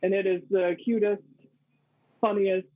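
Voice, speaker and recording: A woman guest chatting casually on a video call, amused and unhurried. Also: medium pitch, little pitch movement, no echo. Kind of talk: casual chat. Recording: tinny phone-like video call.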